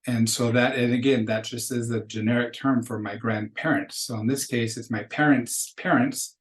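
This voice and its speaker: Man, language teacher, recorded lecture, patient explanations, slow modeled words. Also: mid-range voice, fairly even intonation. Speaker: Spanish teacher.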